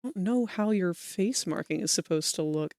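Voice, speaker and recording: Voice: medium pitch, expressive, moderate pace, a little mellow, no room sound, clean studio sound. Giggly streamer chatting while drawing. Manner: giggly, laughs often, rambling. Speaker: streamer drawing furry art. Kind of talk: casual chat on a live stream.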